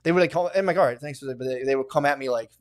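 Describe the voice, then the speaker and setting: A young man co-hosting a podcast, telling stories in a casual, profane chat with frequent laughter and quick asides. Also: mid-range voice. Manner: animated storytelling, laughs often, quick asides. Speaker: podcast co-host.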